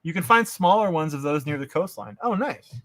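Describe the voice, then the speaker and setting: A man's voice: high voice, animated, brisk, fairly bright tone. A Canadian man chatting casually and wryly while streaming a game. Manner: bantering, wry, rambling. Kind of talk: casual gaming chat.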